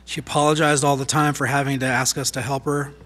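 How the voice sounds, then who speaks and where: A man speaking as pastor in a church, sharing memories softly and reflectively, with many fillers. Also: medium pitch, level tone, fast. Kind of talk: eulogy-style sharing from the pulpit. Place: church sanctuary. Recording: live church stream with music behind. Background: guitar playing.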